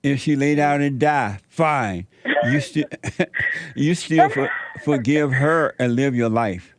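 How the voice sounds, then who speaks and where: A man's voice: mid-range voice, takes it slowly, no room sound. Man, middle-aged, call-in host, blunt, preachy, repetitive commands, dry voice. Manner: firm, preachy, repeats short commands. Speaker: radio call-in host giving life advice. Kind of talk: blunt spiritual counselling on a call-in show.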